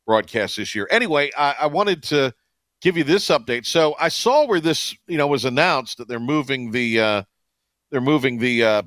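A man hosting a casual sports radio show, talking in a rambling, halting way with many fillers and restarts. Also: mid-range voice, lively intonation, fairly bright tone, no room sound.

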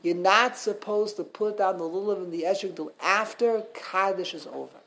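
A man's voice: high voice, moderate pace, bright, forceful tone. A man teaching an informal religious class, chatty and repetitive, quizzing his listeners. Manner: chatty, repeats himself, asks the class questions.

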